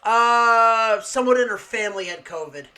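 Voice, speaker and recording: A mid-pitched co-host answers in short, easygoing bursts, laughing along with the banter. The talk stays loose and casual. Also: normal speed, pushed and bright. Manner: laid-back, laughs, short replies. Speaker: podcast co-host. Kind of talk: casual chat about fight picks.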